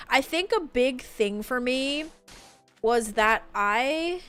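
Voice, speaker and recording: A young Australian woman with an accent half worn toward American chats to her stream, rambling loosely with a filler every few words. Her voice sits a little high, and faint music plays under her talk. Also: expressive, slow pace, fairly bright tone. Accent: Australian, softened toward American. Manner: chatty, rambling, many "like" fillers. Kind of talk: casual chat with live chat.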